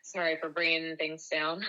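A woman's voice: sits low, monotone, bright, forceful tone, dull audio. A woman co-hosting a podcast in casual chat, talkative and swearing freely. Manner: chatty, swears freely, quick bursts. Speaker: podcast co-host.

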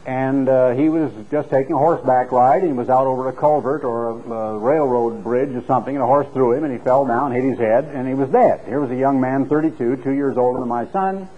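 A man's voice: brisk, few pauses. Earnest male preacher on tinny radio. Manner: earnest, storytelling, rises in pitch for emphasis. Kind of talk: sermon. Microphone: clip-on microphone. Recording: tinny phone-like radio recording.

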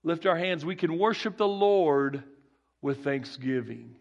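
Gravelly Southern country preacher. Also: male voice, on the high side, expressive, a little slow, darkish tone, muffled recording. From rural Texas. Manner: folksy, repeats key phrases, restarts often. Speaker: guest preacher. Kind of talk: sermon.

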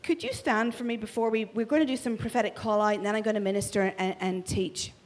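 Woman, 40s, Northern Irish, prophetic minister; playful and energetic at the mic. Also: mid-range voice, fast talker, slight background noise. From Northern Ireland. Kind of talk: lively church talk to a congregation. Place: church hall. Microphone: handheld mic.

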